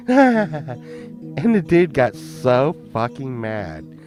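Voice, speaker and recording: A man's voice: fairly high pitch, very animated, drawn-out words, darkish tone. A man telling a story in a rambling, profane way, often laughing at his own tale. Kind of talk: casual storytelling. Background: plucked guitar music.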